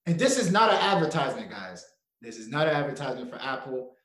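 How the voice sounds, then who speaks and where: A man's voice: mid-range voice, fast talker. A young man co-hosting a podcast, telling a story in casual chat and acting out quotes with frequent laughter. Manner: animated storyteller, laughs often, acts out quotes. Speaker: podcast co-host. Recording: echoey room.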